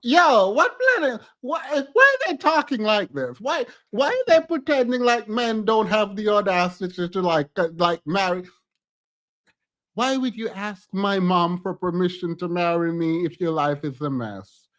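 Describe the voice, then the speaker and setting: A man's voice: high-pitched, expressive, normal speed, a bit bright. A man streaming reaction commentary on reality TV clips, exasperated and ranting, repeating words for emphasis.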